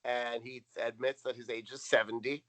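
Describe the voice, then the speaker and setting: This co-host has a mid-range, fairly bright voice, a level tone, and normal speed, and the recording is rough. Reading from notes, he rambles through a casual sitcom episode recap full of ums and restarts.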